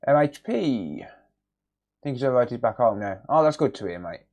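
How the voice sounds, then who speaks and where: A man hosting a casual repair livestream, greeting viewers by name in a relaxed, jokey way from a cluttered home workshop. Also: medium pitch, fast talker. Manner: relaxed, jokey, reads chat names aloud.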